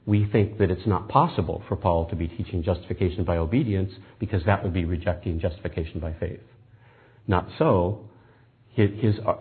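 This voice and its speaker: A man's voice: deep voice, husky. A man teaching a Bible study lecture, reasoning through a passage step by step and reading scripture aloud. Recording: tinny phone-like band.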